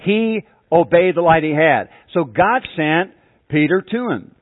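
A man's voice: fairly high pitch, expressive, measured pace, no room sound. Tinny-sounding male preacher, dramatic delivery. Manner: dramatic, shouts out acted cries in an illustration. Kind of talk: sermon. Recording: tinny phone-like dry sound.

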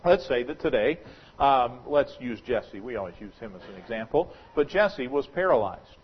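A man preaching a sermon as pastor, talking through a scripture passage in a conversational, speculative way and slowing down to stress quoted verses. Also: mid-range voice, expressive, breathy edge, lo-fi sound. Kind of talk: expository sermon.

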